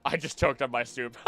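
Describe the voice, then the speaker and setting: Animated male gaming streamer. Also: mid-range voice. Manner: animated and jokey, talks to the creatures on screen. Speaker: streamer and voice actor. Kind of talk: casual live-stream gaming chat.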